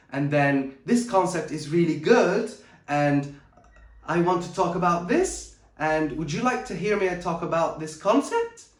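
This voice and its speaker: A man's voice: mid-range voice, echoey room. A man teaching public speaking in a video lesson at a board. He speaks emphatically, trips over words now and then, and keeps checking in with "okay?" and "all right?". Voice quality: says he is a bit dyslexic and trips over words. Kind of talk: talking-head video lesson at a whiteboard.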